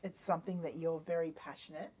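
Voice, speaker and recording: A woman's voice: sits low, fairly even intonation, quick pace, mellow, husky. An Australian woman hosting a casual faith podcast, chatty and hesitant with many fillers and easy laughs. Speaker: podcast host.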